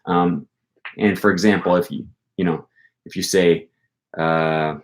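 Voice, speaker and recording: A man's voice: deep voice, fairly even intonation, a little slow. Chatty young man explaining casually. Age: young adult. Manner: chatty, lots of ums and okays, emphatic example stresses. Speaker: language-learning YouTuber. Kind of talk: casual explanatory talk answering viewer questions.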